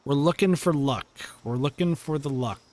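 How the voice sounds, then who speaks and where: At home, a man streams a game live, reacting as he plays and reading and answering chat in a playful way. His voice is fairly high with a darkish tone, he talks at normal speed, and there's no room sound.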